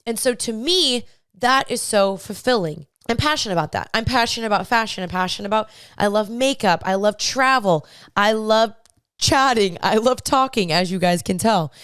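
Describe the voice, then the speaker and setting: A woman's voice: medium pitch, clear, resonant tone, dry recording, studio quality. A young woman hosting a faith-based podcast, talking straight to listeners in a chatty, encouraging way. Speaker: podcast host. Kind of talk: faith-based advice talk.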